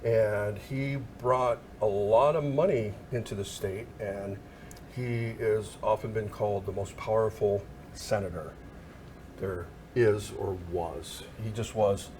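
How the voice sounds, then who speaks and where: A man who works as a news photographer, telling a lively anecdote in a casual chat on a TV news segment. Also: fairly low pitch, takes it slowly, a little hiss or hum. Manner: animated anecdote teller, acts out quoted voices. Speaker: news photographer and history storyteller. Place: TV news studio.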